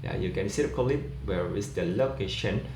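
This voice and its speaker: A man explaining an English pronunciation lesson in a slow, measured way, pausing on fillers as he goes. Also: low-pitched, a little mellow. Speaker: lecturer. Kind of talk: recorded lesson explaining rules. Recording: echoey room, faint background noise.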